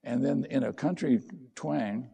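A man's voice: medium pitch, measured pace, creaky, mellow, breathy edge. A middle-aged man preaching a sermon as a pastor, conversational and direct, posing questions to his listeners.

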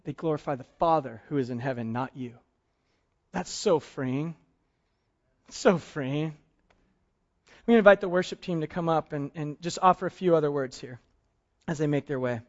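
A middle-aged male pastor with a high voice gives a casual, story-driven sermon, swinging between animated retellings of conversations and quieter, earnest moments. The recording sounds a little muffled. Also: fast talker. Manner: animated storytelling, acts out both sides of dialogues, self-deprecating humor. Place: church service.

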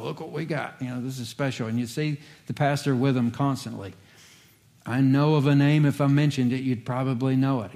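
A man's voice: mid-range voice, a little mellow. A man, a pastor, giving a conversational sermon with folksy asides and light humor.

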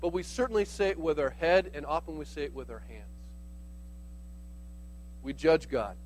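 High-voiced man preaching conversationally. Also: lively intonation, normal speed, a little mellow, rough recording. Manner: conversational preaching, explains with "like" asides. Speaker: pastor. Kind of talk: sermon.

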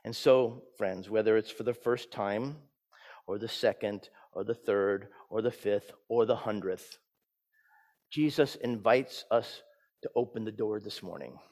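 A man pastor giving a sermon, swinging from loud emphatic peaks down to soft hushed lines. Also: on the low side, measured pace. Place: church sanctuary. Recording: church sanctuary with long reverb.

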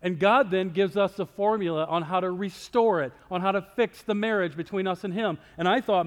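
A man preaching a sermon as pastor, talking conversationally and swinging between loud emphasis and near-whispers. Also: high voice, brisk, hardly any pauses, big-room sound. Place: church sanctuary.

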